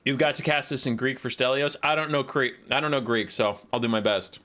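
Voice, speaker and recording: A man casting a live strategy game match, calling the action in quick play-by-play and joking with his chat. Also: medium pitch, fairly even intonation, pushed and bright. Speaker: esports caster.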